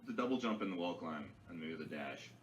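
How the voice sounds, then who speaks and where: Low-voiced young man, lively gaming chat. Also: fast talker, slight background noise. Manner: lively, sweary.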